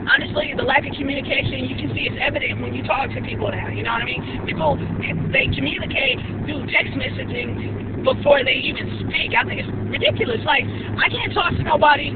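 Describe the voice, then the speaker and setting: A woman's voice: high voice, far from the mic. A woman ranting in a brash, emphatic vlog, swearing freely while riding a bus. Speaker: vlogger. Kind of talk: profane vlog rant. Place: on a moving bus. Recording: tinny phone audio with vehicle noise.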